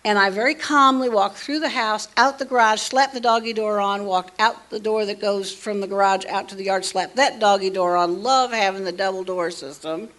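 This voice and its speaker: A woman casually telling a personal story, animated, dropping to hushed asides and rising to loud emphasis. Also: mid-range voice, normal speed, hardly any pauses. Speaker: storyteller sharing a personal testimony.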